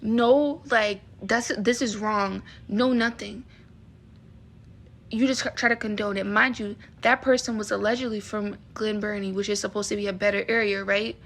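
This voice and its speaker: A woman's voice: medium pitch, steady tone, moderate pace, gravelly, a bit bright. A young woman from the Baltimore area ranting heatedly to camera, indignant, with many fillers and restarts. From Baltimore area, USA. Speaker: vlogger. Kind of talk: casual rant to camera.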